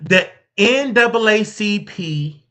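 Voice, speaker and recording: A man's voice: sits high, animated, slow, sharp tone. A man hosting a show, delivering a heated, theatrical comedic rant full of stammered outrage and asides to a sidekick. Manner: addresses a sidekick and the audience. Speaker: show host.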